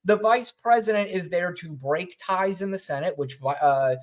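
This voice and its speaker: A man co-hosting a podcast, giving blunt, sardonic commentary and telling stories in an animated way. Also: high-pitched, normal speed. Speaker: podcast co-host. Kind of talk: opinionated casual commentary.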